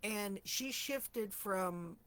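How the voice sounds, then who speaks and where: A woman hosting a casual live chat, telling stories in a chatty way, clearing her throat often, her morning voice slightly rusty. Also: mid-range voice, extremely slow, a bit bright. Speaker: host of a live stream for empaths.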